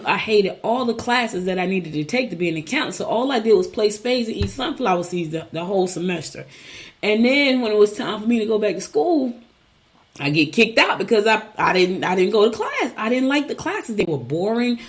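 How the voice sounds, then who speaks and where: A woman's voice: medium pitch, lively intonation, brisk. A middle-aged woman from Newark, New Jersey, hosting a casual talk show and chatting to her viewers in a personal, storytelling way. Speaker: host.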